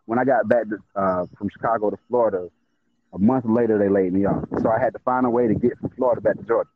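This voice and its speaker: A man's voice: on the low side, fast talker, background noise. A man in a casual podcast chat, telling stories with lots of repeats and stutters as he gets worked up. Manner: animated storytelling, stutters and repeats when worked up. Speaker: podcast co-host. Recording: tinny phone-like sound.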